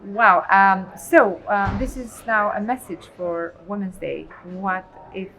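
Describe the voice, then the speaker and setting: A woman's voice: mid-range voice, fairly even intonation, takes it slowly, a bit bright, poor audio. A woman hosting an interview, speaking in an earnest, encouraging way. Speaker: interview host. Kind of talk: interview conversation.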